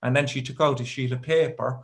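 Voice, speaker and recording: An Irish comedian in his thirties spins a stand-up story in a loose, rambling way. His voice sits at an ordinary middle pitch, and he drops in dry, offhand asides as he goes. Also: steady tone, a little fast.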